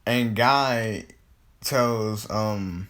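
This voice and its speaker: A man's voice: lowish voice, extremely slow, a bit bright. A man casually retelling a fan story, rambling, with many restarts and casual swearing. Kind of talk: improvised fan-fiction retelling.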